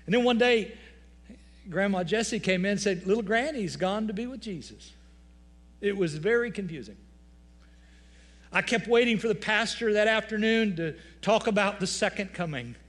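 A male pastor delivers a sermon from the pulpit. He leans on folksy, humorous storytelling to make his points. His voice sits a bit higher than most men's. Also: moderate pace, a bit bright.

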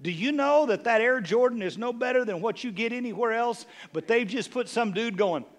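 A man's voice: very high voice, expressive, moderate pace. A middle-aged man preaching a sermon as a bishop, snarky and conversational, teasing his listeners.

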